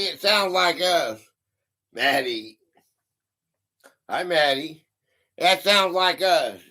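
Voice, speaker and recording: A man hosts a casual live-stream trivia game, reading questions out and greeting viewers by name. His voice sits a little high and his pace is unhurried and drawn out. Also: sharp tone. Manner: chatty, greets viewers, reads quiz questions aloud. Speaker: livestream host running a quiz.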